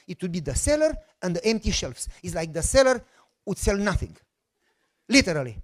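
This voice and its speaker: A middle-aged pastor from Romania, speaking English with a Romanian accent in a fairly high voice. He tells his testimony as an animated story and acts out the voices of the people in it. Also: fairly quick.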